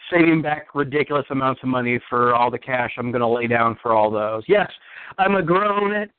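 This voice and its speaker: Excited man in his thirties, tinny line. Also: medium pitch, moderate pace, clear, resonant tone, no echo. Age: 30s. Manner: enthusiastic, joking. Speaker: podcast guest. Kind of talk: casual chat. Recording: dry, phone-like audio.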